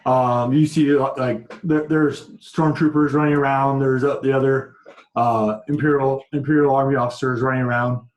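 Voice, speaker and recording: Male game master, mid pitch, hesitant narration, roomy echo. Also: level tone. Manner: halting, many fillers and restarts.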